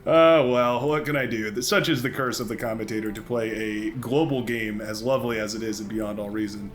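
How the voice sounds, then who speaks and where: Casting a real-time strategy game live, this man from the United States is chatty and upbeat, with lots of fillers and restarts. He has a fairly low pitch, fairly even intonation and a fairly quick pace, with faint music behind him.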